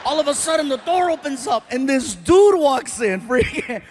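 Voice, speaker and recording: A male stand-up comedian spins a story on stage and slips in and out of the voices of the people in it. His voice sits high, and his delivery is animated. The stage mic picks up clear audience noise around him. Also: normal speed. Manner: animated, acts out characters in voices.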